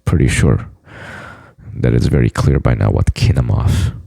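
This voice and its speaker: Man, deep gravelly voice, dark tone, dry close sound, brash and profane vlogger. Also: normal speed, no room sound. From United States. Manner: blunt, profane, boastful. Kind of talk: boastful monologue to camera.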